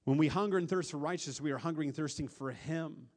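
A male pastor delivers his sermon with an Upper Midwest American accent, his voice sitting a little high for a man. He builds to loud, pressing emphasis and then falls to a soft hush, stumbling over and repeating words as he restarts. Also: fast talker. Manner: earnest preaching that swells louder and softens to a hush.

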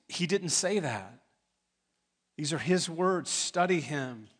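Man, pastor, sermon, emphatic, somewhat high-pitched. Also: expressive, slow, fairly bright tone. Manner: emphatic, rising to urgent pleas.

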